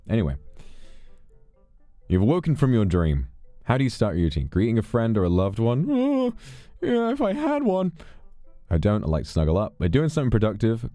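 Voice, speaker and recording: A man's voice: low-pitched, big pitch swings, fairly quick, mellow, no echo, faint music behind. A British man chatting casually on a stream, rambling and swearing freely as he tells stories.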